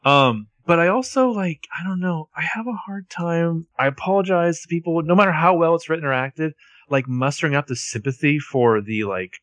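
A man's voice: on the high side, normal speed, fairly bright tone, no echo. A man co-hosting a podcast, recapping a show in casual chat with lots of "like" fillers. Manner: chatty, full of "like" fillers. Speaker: podcast co-host.

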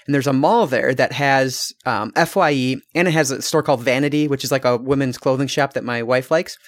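A man's voice: medium pitch, brisk. A man from Michigan co-hosting a podcast, telling a long story in a rambling, casual way, swearing freely and restarting his sentences. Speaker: podcast co-host.

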